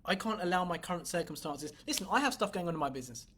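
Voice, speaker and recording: On the low side and a bit bright with a breathy edge, her voice fires off rapidly with lively intonation. She's a business coach delivering a motivational livestream, addressing viewers directly in a blunt, profane, emphatic way.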